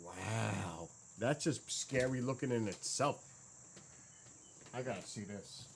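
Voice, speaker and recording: A man's voice: on the low side, slow pace, creaky, slight background noise. A man in a casual chat, muttering to himself as he searches through old files and explains how he recorded his music. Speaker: gaming streamer and drummer.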